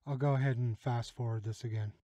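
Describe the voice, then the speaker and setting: A man hosting his own channel, giving calm instructional voice-over commentary on game footage and chuckling now and then. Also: mid-range voice, fast talker, heavy background noise. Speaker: channel host.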